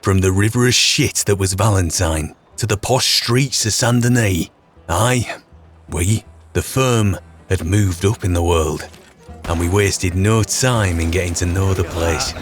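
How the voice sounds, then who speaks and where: A man's voice: low-pitched, unhurried. Crude Yorkshire man narrating. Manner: crude, laddish storytelling. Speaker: gamer narrating his role-play character. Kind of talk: voice-over narration of a game role-play.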